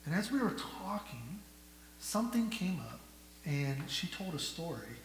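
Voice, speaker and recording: Man, pastor preaching, slightly high voice, rhetorical questions, soft to loud, echoey hall, faint hum. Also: big pitch swings, a little slow. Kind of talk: sermon. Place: church sanctuary.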